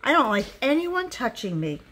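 A woman voicing a big, bearded painter who speaks gently and patiently to his son, in a lively storybook reading. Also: high voice, moderate pace, voice pushed up, full character voice. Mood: gentle. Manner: soft, patient and kindly.

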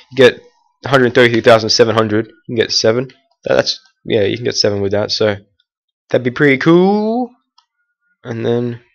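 A teenage boy casually commenting on his gameplay, rambling with fillers and restarts and breaking into annoyed outbursts. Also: lowish voice. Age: teens. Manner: erupts in annoyed outbursts at the game.

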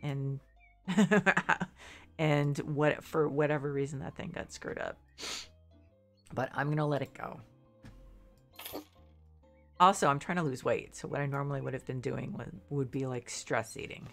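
A woman's voice: rumbling low, measured pace, vocal fry, long pauses, soft background music. A congested middle-aged woman chatting casually while streaming a game, rambling and second-guessing herself. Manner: rambling, self-doubting, restarts often. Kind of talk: casual gameplay commentary.

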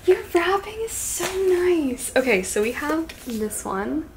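A woman chatting casually at home as a booktube vlogger, gushing and excitable, with gasps and soft asides. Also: high voice, takes it slowly, few pauses, noisy background. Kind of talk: casual unboxing chat.

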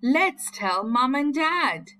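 A woman voicing Biff, an eager young girl exploring, in an excited exclaiming voice. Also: high voice, slow, pitched above the performer's own voice, exaggerated voice. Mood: delighted.

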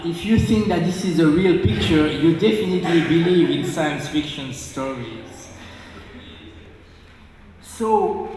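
High-voiced male lecturer in a booming hall. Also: far from the mic, slight background noise. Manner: engaging, asks the audience questions. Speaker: guest lecturer. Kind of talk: public lecture with an anecdote.

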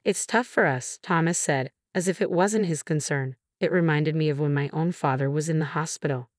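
A woman narrating a first-person story in a steady, even reading. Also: low voice, brisk, no echo, clean studio sound.

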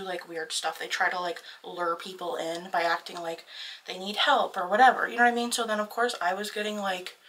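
A woman's voice: mid-range voice, recorded from a distance, low-quality recording. A young woman vlogger telling a storytime in casual, chatty talk, full of "like" fillers. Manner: chatty, lots of "like" fillers, excitable.

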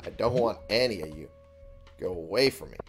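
A man's voice: sits low, animated, brisk. A man giving casual commentary over his own gameplay. He swears a lot, laughs often, and keeps exclaiming in exasperation. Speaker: let's play streamer. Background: game music.

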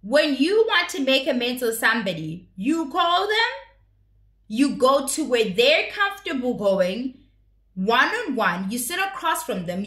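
A blunt, opinionated woman with a fairly high voice, cursing freely as she gives casual commentary. The sound bounces around an echoey room. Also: fairly bright tone. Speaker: reality TV recap commentator.

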